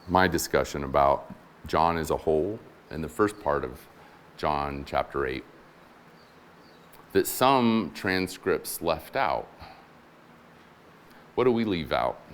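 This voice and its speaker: Very deep-voiced man preaching a sermon. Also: a bit bright, slight background noise. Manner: conversational and humorous, acting out voices in stories. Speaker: guest preacher, military chaplain. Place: church room with congregation.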